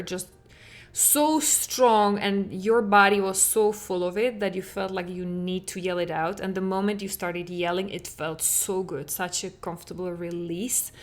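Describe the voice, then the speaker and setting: A young adult woman hosting a parenting podcast, speaking in an earnest, conversational way with many "like" fillers. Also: lowish voice. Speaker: podcast host and parenting coach. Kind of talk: solo podcast talk.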